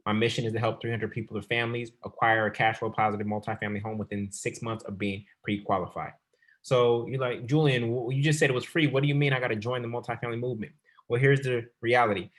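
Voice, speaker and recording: A man hosting a real estate investing webinar as coach, talking fast and calling the audience y'all. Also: on the low side, fairly bright tone. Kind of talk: sales webinar presentation.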